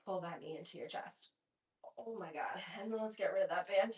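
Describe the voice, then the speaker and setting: A woman's voice: lowish voice, brisk, darkish tone, recorded from a distance. A young woman leading a home pilates workout, counting reps and cheering people on between breaths. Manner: encouraging, counting reps, chatty asides. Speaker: pilates instructor. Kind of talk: guided workout instruction. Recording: echoey room, voice off-mic.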